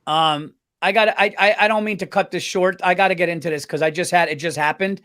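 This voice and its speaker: Animated high-voiced man telling a story. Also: fast talker. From United States. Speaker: podcast co-host. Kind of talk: casual chat.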